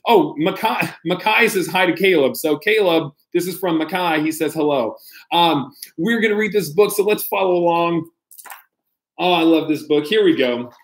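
A man's voice: on the high side, normal speed. A man, a pastor, reading a children's picture book aloud to kids on a livestream, playful and talking straight to them. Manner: playful, talks directly to kids, mock-outraged squeals. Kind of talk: animated storybook read-aloud on a livestream.

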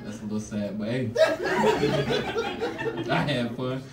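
A man's voice: medium pitch, huge pitch swings, takes it slowly, reverberant, recorded from a distance, heavy background noise. A man doing his first stand-up set, telling slangy stories and laughing through his own lines. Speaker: stand-up comedian. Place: comedy stage.

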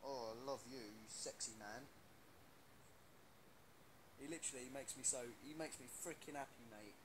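A young man, chatting playfully with fans in a casual live stream, slangy and quick to laugh. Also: mid-range voice, background noise.

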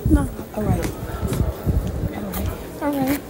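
Amid heavy background noise, a woman vlogs casually while walking through a crowded indoor museum exhibit. Her voice is high and slow, and she murmurs excited, emotional, amazed asides to herself.

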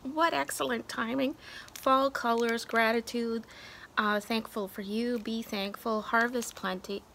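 Female craft vlogger at home, chatty and effusive, gravelly and somewhat high, in a noisy recording. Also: fairly even intonation, measured pace, fairly bright tone. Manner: chatty and gushing, with many fillers. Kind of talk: casual show-and-tell chat. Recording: background noise of crinkling packaging.

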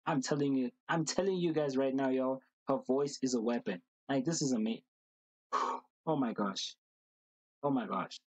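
A man hosting a reaction video, talking casually and excitedly, gushing and repeating slang fillers. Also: medium pitch, brisk, hardly any pauses, dry recording, low-quality recording.

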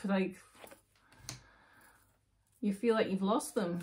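A woman's voice: medium pitch, steady tone, slow pace, pauses often, warm tone. Woman tarot reader, emotional and intuitive, thinks aloud, restarts her sentences. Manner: emotional, intuitive, self-interrupting. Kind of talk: tarot reading video.

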